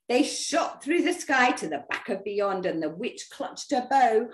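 A woman storyteller reading a picture book aloud to young children, expressive and engaging. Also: mid-range voice, measured pace, hardly any pauses, reverberant. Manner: expressive, talks to young listeners. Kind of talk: animated read-aloud for children.

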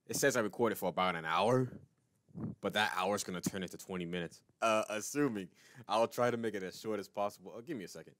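A man giving let's play commentary, excitable and talking to himself as he plays. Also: fairly low pitch, brisk, a little hiss or hum. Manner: excitable, talks to himself while playing. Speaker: gaming channel host.

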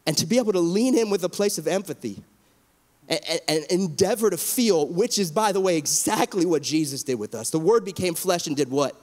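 A man's voice: high voice, darkish tone. Earnest pastor in his thirties, hall echo. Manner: earnest and emotional, with halting restarts. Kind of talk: heartfelt panel discussion. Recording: long hall reverb.

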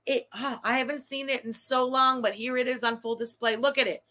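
A woman's voice: sits high, steady tone, brisk, bright, forceful tone. A woman streamer giving profane, mocking, sarcastic reaction commentary during a live stream.

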